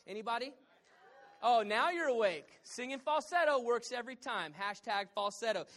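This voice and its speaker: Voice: medium pitch, animated, normal speed, a bit bright. A pastor with a Southern US accent preaching a sermon, joking with the congregation and asking them questions. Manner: humorous, conversational, quizzing the congregation. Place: church hall with congregation.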